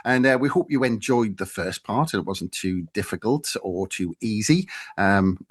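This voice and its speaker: A man's voice: on the low side, lively intonation, unhurried. A man from North East England hosting a casual podcast quiz, chatty with many fillers. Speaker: quiz host.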